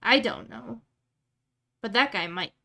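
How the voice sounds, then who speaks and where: A woman with a slightly high-pitched voice talks loosely to her viewers. She rambles and thinks aloud, with lots of easy, chatty asides. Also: expressive, unhurried, gravelly, sharp tone. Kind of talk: casual live-stream chat.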